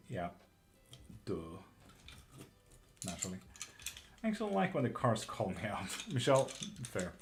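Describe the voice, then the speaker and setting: A man from Sweden reading tarot on a live stream, answering viewers' questions in a loose, casual way, swearing now and then. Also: mid-range voice. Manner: swears casually, laughs often. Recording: clear background noise with keyboard clicks.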